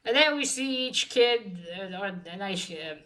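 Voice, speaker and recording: A woman's voice: a little high, lively intonation, measured pace, fairly bright tone, low-quality recording. A woman giving a casual comic book review, chatty and profane, with many fillers and restarts.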